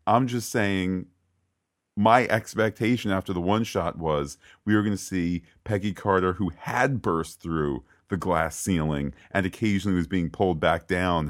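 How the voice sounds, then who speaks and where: A man's voice: sits low, moderate pace. A man co-hosting a podcast, chatting casually and ranting playfully about a TV episode. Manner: opinionated, ranting with playful asides. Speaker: podcast co-host.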